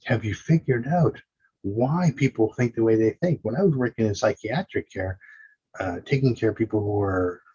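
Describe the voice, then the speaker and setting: A man's voice: fairly low pitch, normal speed, mellow, husky, highs cut off. A man hosting a self-help podcast, talking earnestly and casually, now and then acting out his own doubting inner voice. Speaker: podcast host and coach.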